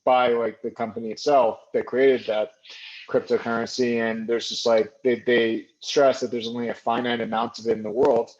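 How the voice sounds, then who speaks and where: A man's voice: mid-range voice, level tone, moderate pace, darkish tone. Hesitant man on a muffled remote call. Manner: hesitant, many fillers and restarts. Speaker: podcast guest. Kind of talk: casual conversation.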